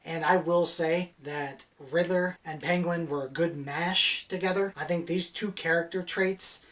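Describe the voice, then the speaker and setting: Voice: medium pitch, fairly even intonation, measured pace, fairly bright tone, recorded from a distance. A movie reviewer ranting in a vlog, annoyed, blunt and crude.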